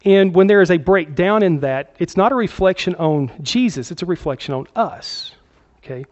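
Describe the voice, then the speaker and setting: A man's voice: high voice, lively intonation, moderate pace, darkish tone, lo-fi sound. A male pastor preaching a sermon in a conversational way, often checking in with "okay?". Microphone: handheld microphone.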